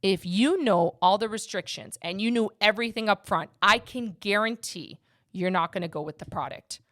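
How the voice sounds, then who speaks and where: A woman's voice: mid-range voice, moderate pace, a bit bright. A woman hosting a casual podcast as a mortgage agent, talking with emphatic passion and speaking straight to her listeners.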